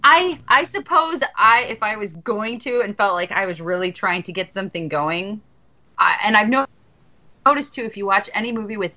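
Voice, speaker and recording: A woman's voice: mid-range voice, lively intonation, moderate pace, bright, forceful tone, dull audio. A woman in her thirties chatting candidly as a podcast co-host, joking and restarting her sentences. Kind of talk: casual podcast chat.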